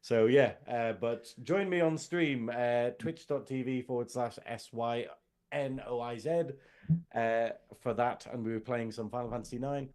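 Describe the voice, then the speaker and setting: A man's voice: mid-range voice, fairly even intonation, a little slow, a little mellow. Man, Northern English accent, podcast co-host, chatty, rambling, laughs often. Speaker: co-host, science officer. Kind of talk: casual podcast chat.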